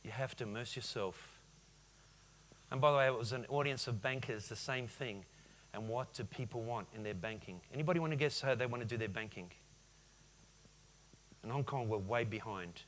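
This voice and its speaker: A man in his forties giving a lively business keynote at a conference, often firing questions at the audience. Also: medium pitch, normal speed, pauses often, a little hiss or hum. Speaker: conference speaker. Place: conference hall.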